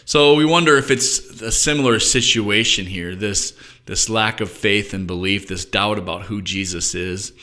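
A man's voice: lowish voice, normal speed, sharp tone. A man teaching a reflective Bible study, thinking aloud and often restarting his sentences. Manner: thoughtful, musing aloud with frequent restarts.

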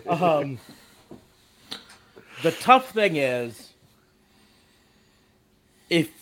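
A man co-hosting a casual podcast chat, joking and animated as he tells his side. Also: medium pitch. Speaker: podcast co-host.

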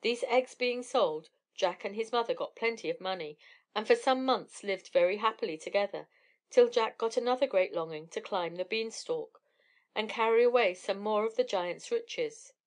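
A woman narrating a classic fairy tale in a measured, even storytelling manner. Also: medium pitch.

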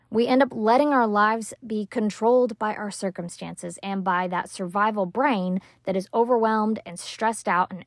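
A mid-range female voice, clean and echo-free from a studio, delivers solo motivational talk as a parenting coach. The host is lively and forceful yet casual, swearing here and there and voicing the complaints of stressed moms.

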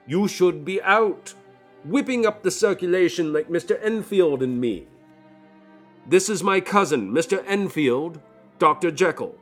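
A man's voice: sits high, lively intonation, measured pace, faint music behind, pitched above the performer's own voice. A man voicing an earnest, good-natured middle-aged lawyer in an audiobook. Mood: hearty.

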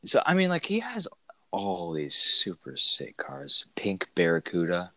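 A man's voice: low voice, huge pitch swings, a little slow, sharp tone, no echo. A man in casual chat who laughs easily and rambles through his stories with lots of fillers. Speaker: co-host telling work stories.

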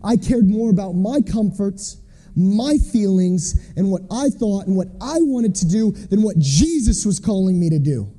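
A man's voice: high-pitched, lively intonation, a little slow, mellow. A man preaching a sermon in a conversational storytelling way, acting out the voices of the people he quotes. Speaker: preacher, missionary. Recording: long reverb of a large hall.

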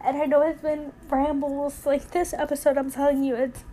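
A woman's voice: sits high, little pitch movement, normal speed, mellow, slight background noise. A young woman hosting a casual solo podcast, rambling candidly with lots of fillers and getting emotional, close to tears. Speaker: podcast host.

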